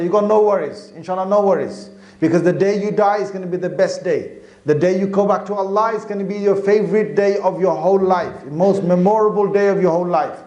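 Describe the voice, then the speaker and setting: High-voiced man preaching in an echoey room. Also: a little mellow, highs cut off. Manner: conversational teaching, checks in with "okay"; chants Quranic verses and dhikr. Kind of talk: sermon.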